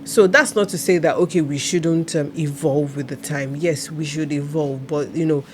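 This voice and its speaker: A woman, a mother speaking on a casual discussion panel in a measured, reflective way. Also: low voice, steady tone, slight background noise.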